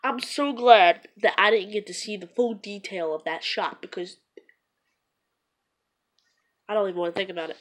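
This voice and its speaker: A woman's voice: medium pitch, a little fast. A woman vlogger retelling events in a loose, rambling, conversational way. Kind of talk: casual retelling to camera.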